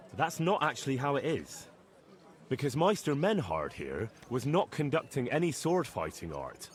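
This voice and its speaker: A man voicing a calm, measured young hero. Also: medium pitch, natural voice. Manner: measured, persuasive.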